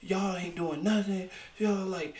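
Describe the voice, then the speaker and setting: An irate, impatient man demands help in a raised, pushy voice, as a male podcaster acts him out. He sounds higher and louder than the teller's own talk. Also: flat delivery, fast talker, roomy sound, close to an everyday voice. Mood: angry. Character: angry impatient male guest who lost his car.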